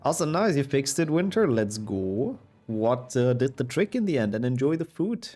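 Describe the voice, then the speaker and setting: A man's voice: medium pitch, very animated, normal speed, darkish tone, soft background music. A young man with a sick voice, casually commentating his speedrun and answering chat. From Germany. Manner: chatty, reads and answers chat while playing. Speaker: speedrunner streamer.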